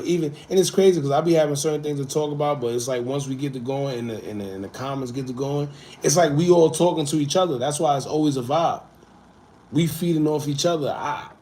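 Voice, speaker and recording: A laid-back livestream host with a mid-range voice chats casually while reading comments. He's animated, alternating between loud remarks and muttered asides.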